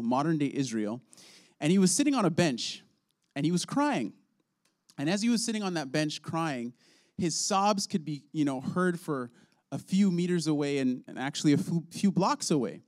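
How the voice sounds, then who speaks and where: A man's voice: a little high, no room sound. Earnest preaching man, dry close sound. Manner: earnest, animated storyteller. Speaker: children's ministry trainer. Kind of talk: prayer and teaching talk with storytelling.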